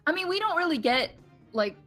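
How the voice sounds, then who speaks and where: A woman's voice: very high voice, sing-song, fairly quick, fairly bright tone, soft background music. A young woman casually explaining game mechanics while playing, with filler words and offhand swearing. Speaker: let's play player. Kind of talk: casual gameplay commentary.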